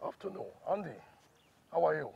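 An actor with a Nigerian accent playing a scheming politician who gloats over a rival, in a film drama. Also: male voice, a little high, brisk, creaky, muffled recording, a little hiss or hum. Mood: pleased.

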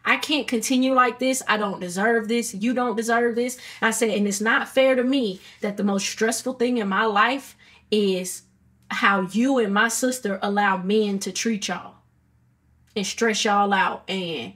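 A woman's voice: mid-range voice, steady tone, unhurried, fairly bright tone. A woman with a Southern US accent, a podcast guest talking in a casual, outspoken and emphatic way, swearing freely. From Alabama, US. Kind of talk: casual conversation.

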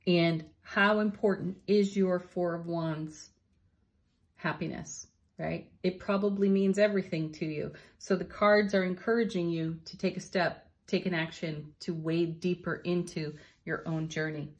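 A woman giving a spiritual tarot and oracle card reading, gentle and encouraging, laughing softly between cards. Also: fairly low pitch, fairly even intonation, a little slow.

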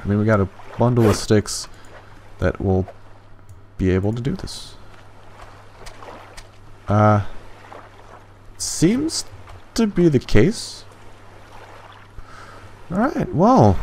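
A young man doing let's play commentary, excitable and swearing often, jumping into high yelps when frustrated. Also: a little hiss or hum. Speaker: gaming YouTuber.

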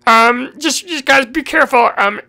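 A woman's voice: sits high, normal speed, pushed and bright. A woman playing along in a game role-play, silly and giddy, at times timid. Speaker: player.

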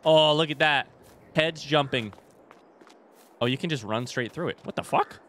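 A man's voice: fairly high pitch, normal speed, fairly bright tone, a little hiss or hum. A young man chatting casually with his live chat while playing a farming game, swearing now and then. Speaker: streamer. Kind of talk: casual live-stream gaming commentary.

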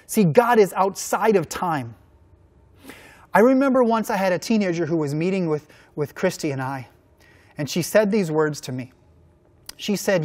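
A man's voice: expressive, a little mellow. Earnest man preaching a sermon. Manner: earnest storytelling, dropping low and slow for emphasis. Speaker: youth minister.

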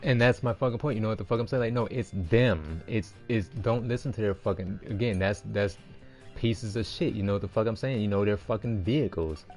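A man's voice: on the low side, brisk, a little mellow, soft background music. A man in his forties streaming a golf game, rambling and swearing heavily with frustrated outbursts. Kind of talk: casual chat while playing.

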